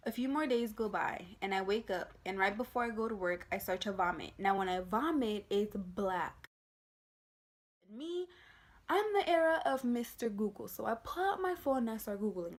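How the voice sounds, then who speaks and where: A young woman telling her pregnancy story in a casual vlog, acting out the people she quotes in lively voices. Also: mid-range voice, moderate pace. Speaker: vlogger.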